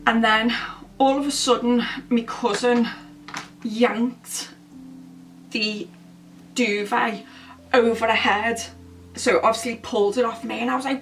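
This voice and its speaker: A woman's voice: fairly high pitch, fairly even intonation, unhurried, a bit bright, distant mic, soft background music, rough recording. A woman telling a story casually while doing her makeup, rambling and chatty with many fillers. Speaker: beauty vlogger. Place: at home, indoors.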